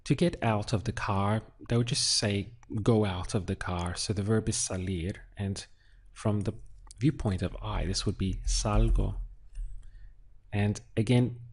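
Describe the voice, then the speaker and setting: A Spanish teacher walks through a translation in an unhurried, methodical lesson, pausing to think aloud as he writes. His voice is low and a little husky, with soft keyboard clicks and typing audible in the background.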